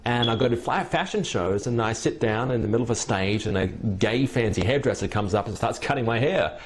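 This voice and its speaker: A man's voice: medium pitch, expressive, a little fast, natural voice. A man quoting a cheerful young woman. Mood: chatty. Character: young adult woman, cheerful hair model.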